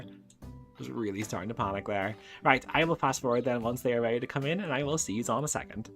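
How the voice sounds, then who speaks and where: A man's voice: medium pitch, animated, a little fast, fairly bright tone. Chatty man playing a game. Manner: chatty, narrates his own clicks and talks fondly to the animals. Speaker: gaming YouTuber. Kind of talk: casual game commentary. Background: game background music.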